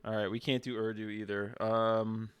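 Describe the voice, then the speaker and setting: A man streaming, teasing an AI in casual banter, deadpan and stammering. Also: lowish voice, moderate pace, smooth.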